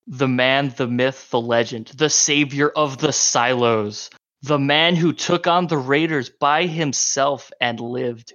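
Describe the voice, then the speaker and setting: Casting: a man as a smooth-talking survivor merchant, theatrical hype, dull lo-fi mic. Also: a bit bright. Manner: showy sales pitch. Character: slick male salesman hyping his crew. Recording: slightly muffled lo-fi audio.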